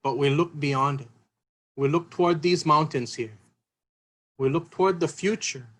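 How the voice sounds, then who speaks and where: A man's voice: fairly high pitch, normal speed, a bit bright, low-quality recording. A man giving an earnest, emotional talk at a seminar. He repeats his key phrases as he speaks. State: emotional, voice catching.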